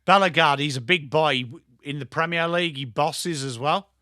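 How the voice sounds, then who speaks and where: Bright-voiced English man calling football live. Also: a little high, moderate pace, no room sound, studio quality. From England. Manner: chatty and jokey, greets viewers by name. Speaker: watchalong streamer. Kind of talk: live football watchalong commentary.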